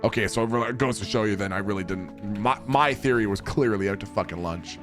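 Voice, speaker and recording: A man's voice: on the low side, fairly quick. A young man streaming a game and chatting casually with viewers, laid-back, swearing and laughing a lot. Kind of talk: casual chat while gaming. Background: game music.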